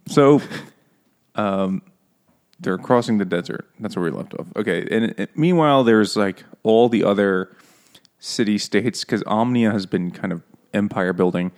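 Gravelly low man joking around. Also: darkish tone. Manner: joking, quick asides. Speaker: podcast co-host. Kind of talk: casual book club chat.

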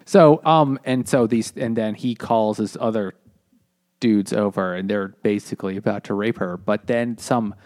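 A man's voice: mid-range voice, a little mellow. A man co-hosting a podcast in casual chat, recapping a story with fillers. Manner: summarizing the plot with fillers. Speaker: podcast co-host.

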